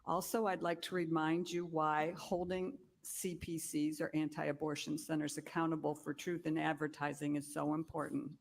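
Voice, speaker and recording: A woman at a council meeting, reading a prepared public comment in a steady, formal way. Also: low-pitched, normal speed, creaky, hardly any pauses, slight background noise. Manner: steady, formal, read aloud.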